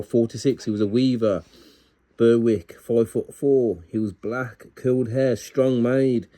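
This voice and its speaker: A man reading aloud from books and commenting excitedly, ending almost every phrase with "man". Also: on the low side. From Scotland. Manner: excitable, peppers sentences with "man". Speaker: book reviewer. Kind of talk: casual video talk reading from books.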